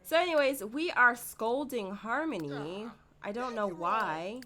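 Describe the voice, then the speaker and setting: A woman's voice: fairly high pitch, expressive, unhurried, pushed and bright. Chatty woman narrating her gameplay. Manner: chatty, giggly, talks straight to viewers. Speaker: gameplay video host. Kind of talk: casual gameplay commentary.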